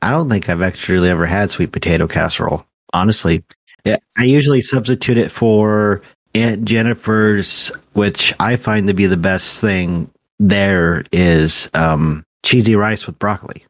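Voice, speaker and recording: A young man co-hosting a podcast in relaxed, rambling chat, often laughing and restarting his sentences. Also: low voice, normal speed, dry recording, clean studio sound. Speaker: podcast co-host. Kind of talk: casual chat.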